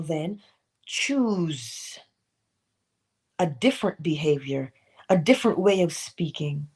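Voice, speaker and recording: A woman's voice: medium pitch, slightly rough. A middle-aged woman hosting a morning inspirational livestream, asking pointed questions and throwing in playful asides to herself. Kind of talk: motivational talk.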